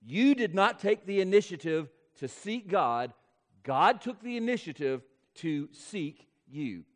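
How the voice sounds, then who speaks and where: A man preaching an expository sermon as pastor, speaking emphatically and slowing down to stress key points. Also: high-pitched, very animated. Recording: long hall reverb.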